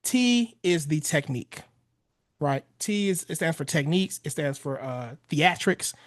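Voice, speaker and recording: A man's voice: fairly high pitch, animated, unhurried, no echo, clean studio sound. Blunt millennial man coaching on marriage. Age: 30s. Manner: blunt, casual, swears freely, direct. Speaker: relationship coach. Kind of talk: podcast interview advice.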